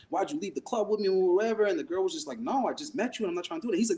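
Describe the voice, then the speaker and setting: A man on a podcast tells a story in casual chat, and his pitch swings widely as he goes. He acts out each quoted line and curses without holding back. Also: racing, hardly any pauses. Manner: animated, acts out quoted voices, swears freely. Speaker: podcast co-host.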